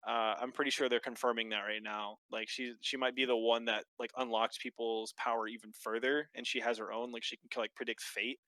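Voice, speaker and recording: A man with a mid-range voice, recorded dry, co-hosts a podcast and casually recaps a show. His storytelling is animated and quick, packed with fillers and swearing.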